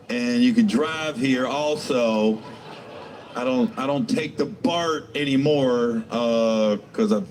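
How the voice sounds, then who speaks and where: A man's voice: mid-range voice, darkish tone, a little hiss or hum, poor audio. A middle-aged male stand-up comedian telling profane, rambling stories full of restarts.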